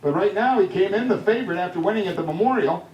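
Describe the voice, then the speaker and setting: High-voiced ranting talk show host. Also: male voice, animated, fast, darkish tone, echoey room, recorded from a distance, highs cut off, slight background noise. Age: 40s. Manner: angry, insulting rants at callers. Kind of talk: call-in sports talk show.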